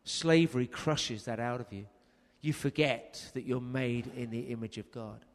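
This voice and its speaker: A man's voice: mid-range voice, unhurried. Preacher man in a reverberant hall. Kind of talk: sermon.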